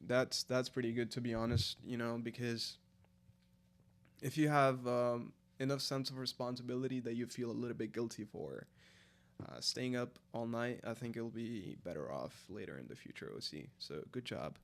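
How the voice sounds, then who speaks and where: A man's voice: mid-range voice, normal speed. A tired young man from India chatting loosely with his stream viewers, laughing often and using slang and swearing. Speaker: live streamer. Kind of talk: casual chat with viewers while reading the chat.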